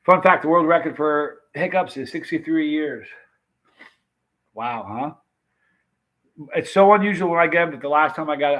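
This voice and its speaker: A man's voice: mid-range voice, highs cut off. A man hosting a live stream, chatting and reading comments while his mouth burns from a very hot pepper extract, gasping and exclaiming. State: burning mouth, hiccuping.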